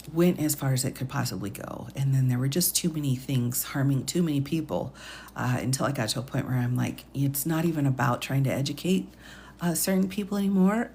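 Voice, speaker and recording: A woman attorney hosts a livestream late at night from home, keeping her voice hushed and chuckling quietly. Her voice sits low with a gravelly edge, and faint noise sits behind her.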